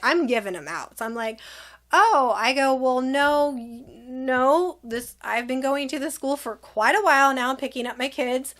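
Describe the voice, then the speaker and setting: A middle-aged woman with a somewhat high voice tells a personal story in a casual storytime vlog. She is animated, and she acts out both sides of an argument in quick reported dialogue. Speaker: vlogger telling a personal story.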